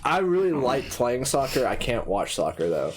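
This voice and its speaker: A man's voice: mid-range voice, big pitch swings, normal speed, a little hiss or hum. A male podcast guest chatting casually, speaking in loose slang and swearing freely. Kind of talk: casual chat.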